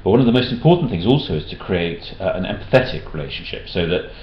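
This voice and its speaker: A man's voice: low voice, very animated, quick pace, slight background noise. A man answering backer questions in a casual chat, hesitant, with many restarts. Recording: roomy dull-sounding room recording.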